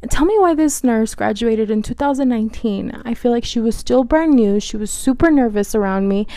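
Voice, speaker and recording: A woman's voice: fairly high pitch, expressive, normal speed, mellow, no room sound, studio quality. A woman telling a personal story to her viewers in a casual monologue, peppering it with "like" and swearing freely. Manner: chatty, heavy filler "like", frequent swearing, addresses viewers directly.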